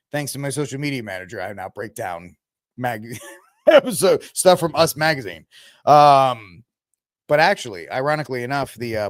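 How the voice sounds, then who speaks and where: A man's voice: medium pitch, no echo, clean studio sound. A man hosting a casual commentary podcast, sarcastic and mocking, often putting on voices to quote people. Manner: sarcastic, animated, mocking voices when quoting. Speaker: podcast host.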